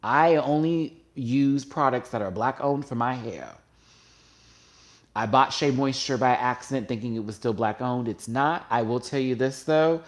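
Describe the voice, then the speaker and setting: A man's voice: medium pitch, unhurried. Gushing man chatting to viewers. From United States. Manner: chatty and gushing, swings from hushed asides to loud squeals. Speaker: host. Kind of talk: casual live-stream chat.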